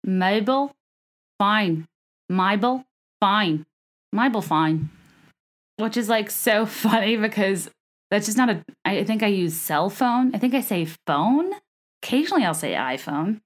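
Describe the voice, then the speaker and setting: A woman's voice: medium pitch, animated, normal speed. A woman hosting a podcast, talking in a chatty, gossipy way with a wry, sarcastic edge. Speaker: podcast host. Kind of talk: casual chat.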